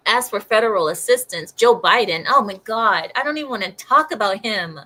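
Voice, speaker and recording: A woman's voice: mid-range voice, sharp tone, poor audio. A woman reacting to the news as a commentator, exasperated and mocking, often repeating herself. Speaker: political commentator.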